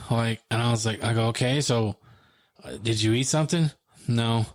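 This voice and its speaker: A male podcast co-host with a mid-range voice speaks briskly as he retells an emotional story in casual conversation. He acts out the phone calls in quoted dialogue.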